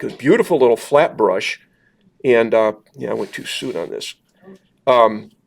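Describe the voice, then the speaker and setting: A gravelly, mid-range male voice belongs to a chatty watercolor instructor giving a live painting demonstration and taking audience questions. He rambles, pokes fun at himself, and uses lots of fillers, speaking in a meeting room at a club gathering.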